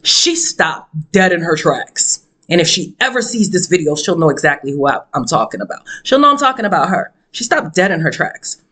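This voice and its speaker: A woman tells a personal story with lively energy, her voice leaping high for emphasis and dropping low to drive a point home. She repeats phrases in a preachy, motivational way. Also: normal speed, few pauses. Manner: animated, dramatic storytelling with sudden pitch jumps; emphatic, preachy delivery with repetition. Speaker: motivational speaker. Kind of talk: storytelling monologue.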